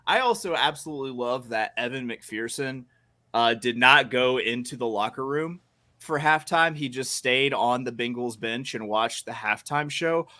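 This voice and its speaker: A man co-hosting a podcast, talking casually with animated emphasis. His voice has a bright edge and sounds dry and close on the mic. He often breaks off with fillers and restarts before pushing on. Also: medium pitch, normal speed, dry recording. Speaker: podcast co-host. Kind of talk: casual chat.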